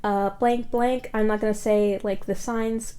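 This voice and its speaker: A woman's voice: mid-range voice, flat delivery, measured pace, mellow. A woman vlogger telling a story in a casual, rambling way, full of "like" fillers and blunt swearing.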